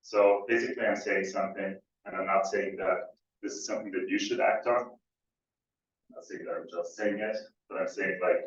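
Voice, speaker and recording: A man's voice: low voice, little pitch movement, moderate pace. A man giving an academic conference talk, hesitant with many fillers and restarts. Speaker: conference speaker. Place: lecture room. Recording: distant mic, echoey room, dull audio.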